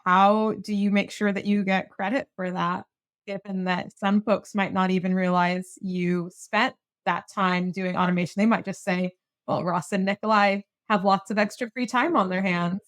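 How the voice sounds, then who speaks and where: A woman's voice: mid-range voice, steady tone, moderate pace, no echo, studio quality. Woman asking a playful question on a panel. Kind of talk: casual panel discussion.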